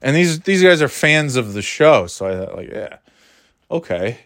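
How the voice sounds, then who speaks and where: A man's voice: on the high side, big pitch swings, moderate pace, a bit bright, no echo, studio quality. A middle-aged man telling a story in a casual, self-deprecating, rambling way.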